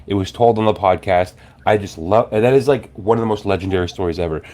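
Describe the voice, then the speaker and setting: Low-voiced man telling a story casually. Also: quick pace. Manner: animated, swearing, acts out quoted people. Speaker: podcast host.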